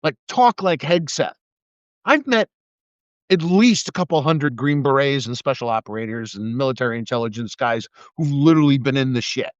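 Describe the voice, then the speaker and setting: A man's voice: medium pitch, expressive, brisk, dry recording. A middle-aged man delivering an angry, profane, sarcastic political rant on a live video. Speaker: live video streamer, former military investigator. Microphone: phone or webcam mic. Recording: dry, slightly muffled live stream audio.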